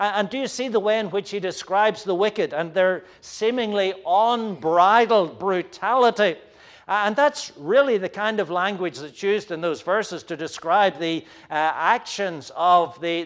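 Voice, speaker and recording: Man, preacher, sermon, high-pitched voice, earnest, hesitant. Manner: earnest, searching, with frequent hesitations.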